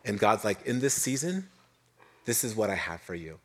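A middle-aged man preaching a sermon, telling a Bible story with lively voiced quotes and dropping to soft, low tones for emphasis. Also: normal speed. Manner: animated storytelling, voicing biblical figures, drops to soft low tones for emphasis. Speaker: pastor.

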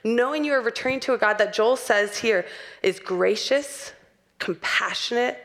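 A woman's voice: on the high side, moderate pace, a bit bright. Earnest woman preaching a sermon. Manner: earnest, personal, with light laughs.

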